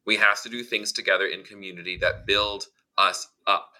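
Blunt, swearing male co-host with a sharp, very bright tone. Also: sits low, steady tone, moderate pace. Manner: blunt and emphatic, swears freely. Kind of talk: casual chat.

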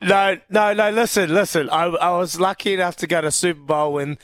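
A man's voice: sits high, steady tone, brisk, fairly bright tone. A man hosting a radio show, playful and teasing in casual banter. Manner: playful, teasing, laughs easily.

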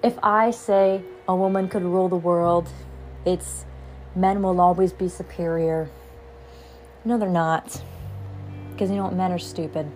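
A woman's voice: on the low side, steady tone, unhurried, long pauses, darkish tone, faint music behind. A young woman hosting a podcast, talking in a frustrated, heated casual monologue. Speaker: podcast host.

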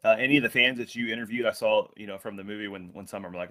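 A man's voice: fairly low pitch, steady tone, rapid-fire, hardly any pauses, pushed and bright. A man hosting a podcast interview, asking casual, rambling questions with fillers. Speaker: podcast host.

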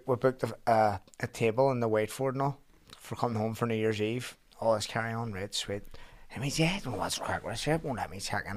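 A young man with a Belfast accent, a podcast guest telling a story in casual chat with lots of swearing. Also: lowish voice. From Northern Ireland. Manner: animated storytelling, heavy swearing.

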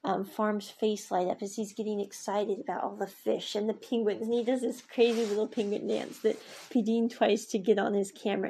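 A woman's voice: mid-range voice, mellow, slightly rough. A woman chattily recapping scenes from a drama series, retelling the characters' lines and using frequent fillers. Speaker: series reviewer.

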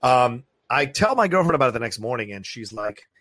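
A young man tells a spooky story to his co-host, swearing often and acting out what he heard. His voice is bright and rises and falls in wide swings. It sounds dry and close to the mic. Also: medium pitch, fairly quick, dry recording. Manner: animated, profane, acts out voices in his story. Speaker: podcast co-host. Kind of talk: casual storytelling chat.

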